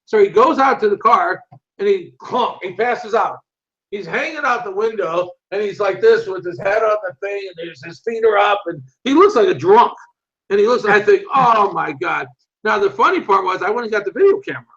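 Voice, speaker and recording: An older man telling lively, animated anecdotes as an interview guest, acting out other people's voices and swearing freely. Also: sits high, fairly quick. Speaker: interview guest, martial arts instructor. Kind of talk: casual storytelling. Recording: muffled lo-fi recording.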